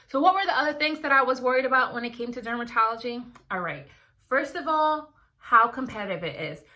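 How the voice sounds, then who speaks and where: A young woman, a dermatology resident, chatting casually to her viewers in an animated storytelling vlog. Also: fairly high pitch. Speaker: dermatology resident, video creator.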